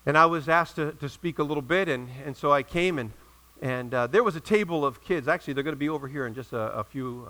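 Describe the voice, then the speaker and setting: Bright-voiced man preaching with fervor. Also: medium pitch, rough recording. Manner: storytelling, swings from loud emphatic peaks to quiet asides. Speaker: pastor. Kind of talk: sermon. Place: church.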